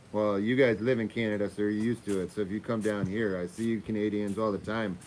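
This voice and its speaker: Man, livestream host, low voice, casual, swears, faint noise. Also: level tone, brisk, hardly any pauses, a little mellow. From Florida. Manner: loose, swears, chatters to his dog. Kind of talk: casual livestream sign-off chat.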